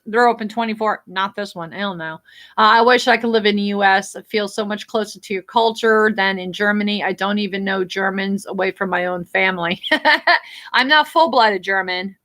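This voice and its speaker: A woman's voice: mid-range voice, moderate pace, bright, forceful tone. A woman from New Jersey with a Jersey accent, hosting a casual live stream where she answers viewer comments in a blunt, rambling way and swears freely. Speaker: livestream host.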